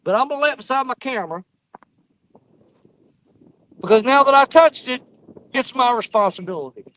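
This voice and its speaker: A man hosting a fishing stream from a riverbank, talking in a folksy, blunt way and quick to get worked up. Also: very high-pitched, expressive, sharp tone. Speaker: fishing channel host. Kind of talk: casual outdoor storytelling. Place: riverbank outdoors.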